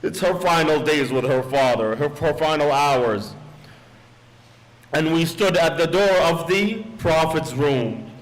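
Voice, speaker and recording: A man's voice: fairly high pitch, slow pace, poor audio. A man preaching as a sheikh in a mosque, telling a solemn story and slipping into quoted Arabic phrases. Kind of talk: sermon.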